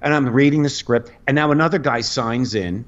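A middle-aged man, a comedian guest, telling a long rambling story on a podcast, animated and full of restarts. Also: medium pitch, brisk. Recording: dull lo-fi podcast audio.

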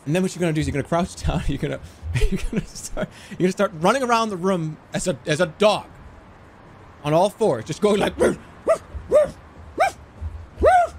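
A man streaming, goofing around and swinging between low mumbles and shouts. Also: expressive, quick pace, background noise. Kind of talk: livestream commentary.

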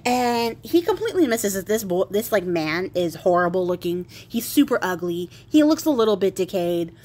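A crafting channel host retells a fairy tale in a chatty, irreverent style, dropping wry asides as she goes. Her mid-range voice is very animated, darkish in tone, and moves at normal speed.

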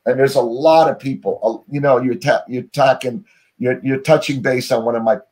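With a mid-range, slightly mellow voice, fairly even intonation and a moderate pace, a middle-aged US man joins an interview over a remote call. He drifts loosely through his story, dropping in "you know" and restarting sentences he's broken off.

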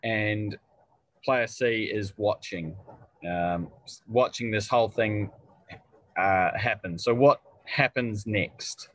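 A man's voice: lowish voice, slow pace, fairly bright tone, dry recording. A man co-hosting a podcast, explaining things patiently in a casual chat. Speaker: podcast co-host.

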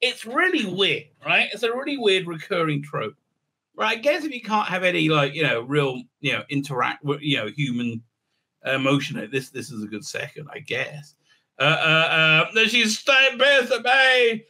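Male reviewer, sarcastic and mocking, with a very bright, tense tone and a slightly high voice. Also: very animated, moderate pace, slightly rough. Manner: sarcastic, mocking, slips into silly put-on voices. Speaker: show host reviewing a TV episode. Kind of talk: casual recap and review.

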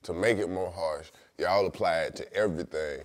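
A man co-hosting a comedy podcast, profane and lively, often talking over the others. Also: low voice, moderate pace. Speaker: podcast co-host. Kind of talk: casual comedic chat.

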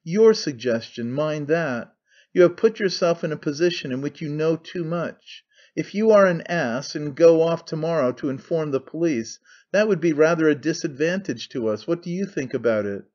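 A man reading a sly, excitable young schemer. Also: fairly high pitch, lo-fi sound, close to an everyday voice. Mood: pressing. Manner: fast-talking, wheedling, sly. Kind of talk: audiobook character reading.

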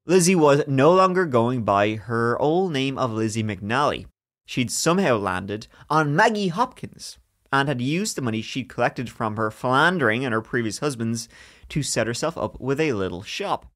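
A man's voice: medium pitch, expressive, normal speed, a bit bright. A man co-hosting a podcast, telling a true-crime story in a casual, joking way. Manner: joking, laughs between story parts. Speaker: podcast co-host.

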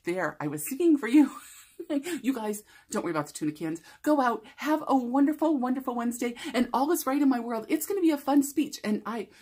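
Speaker, woman, bubbly storyteller, breathy tone, acts out quotes. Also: on the high side, fairly quick. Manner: animated, laughing often, acting out quotes. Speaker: motivational speaker. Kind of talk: casual storytelling to camera.

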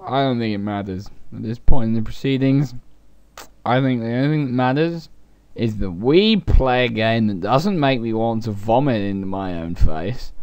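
A young man doing comedic, sarcastic gameplay commentary, talking to his viewers with sudden loud outbursts. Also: medium pitch, normal speed, clean tone, dry recording, lo-fi sound. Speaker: let's play commentator.

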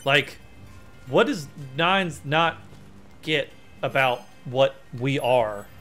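A man streaming a video game, chatting in a rambling, excitable way as he plays. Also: medium pitch, very slow. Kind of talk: let's play commentary. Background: faint game music.

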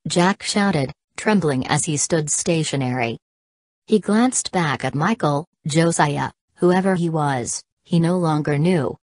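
A woman's voice: low voice, slow pace, darkish tone, dry recording, studio quality. A woman narrating an audiobook, reading every punctuation mark aloud. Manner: reads punctuation marks aloud.

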